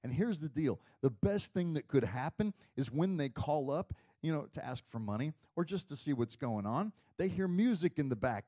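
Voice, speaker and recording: A male preacher with a somewhat high voice delivers a sermon like he is telling stories to friends. He drops to near-quiet asides, then climbs into loud, emphatic declarations. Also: expressive, moderate pace, few pauses. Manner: conversational storytelling, swinging from hushed to loud and emphatic.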